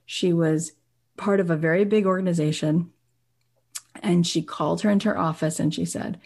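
A woman's voice: fairly low pitch, moderate pace, vocal fry. Woman giving an emphatic motivational talk. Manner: emphatic, animated, often asks "right?". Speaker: podcast host.

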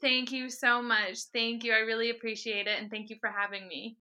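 A young adult woman talking as a podcast guest, telling her story in a lively, laughing way. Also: a little high, fairly quick. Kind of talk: casual interview chat.

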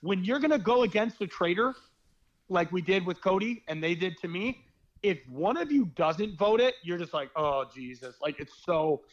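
A young former reality show contestant, appearing as a podcast guest, tells candid, rambling stories full of slang and the odd swear word. His voice sits high and animated at a moderate pace, and the audio is dull.

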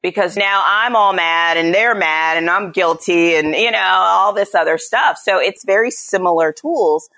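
A woman in her thirties, a parenting coach in a podcast interview, acting out quotes with big pitch jumps. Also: measured pace, hardly any pauses, bright, forceful tone.

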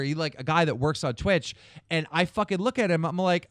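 A man hosting a podcast, telling stories in a profane, animated way. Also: high-pitched, quick pace, no room sound, clean studio sound. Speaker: podcast host. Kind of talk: casual podcast chat.

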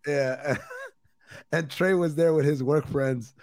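Male podcast co-host, casual storytelling banter, slightly high voice, dry sound. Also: slow pace, darkish tone, dry recording. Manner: loose, laughing, storytelling banter with profanity. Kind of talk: casual chat.

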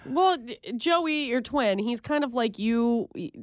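Lively high-voiced female co-host, dry studio. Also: measured pace, no room sound. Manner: laughing, teasing, expressive. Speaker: radio co-host. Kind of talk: casual radio banter.

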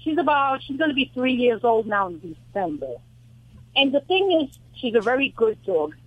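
A woman's voice: a little high, very animated, moderate pace, slightly rough, no room sound. A woman caller with a New York accent, describing her dog's problem on a radio call-in show, talking eagerly and repeating herself. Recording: tinny phone line.

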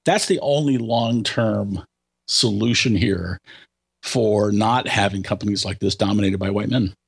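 Husky guy talking tech, stops n restarts a lot. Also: lowish voice, unhurried. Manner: hesitant, many restarts, then emphatic. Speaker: tech commentator. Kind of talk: casual conversation.

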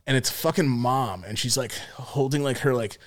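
A man's voice: medium pitch, moderate pace. A young man co-hosting a podcast, telling a story in casual chat, acting out the quotes and laughing often. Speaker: podcast co-host.

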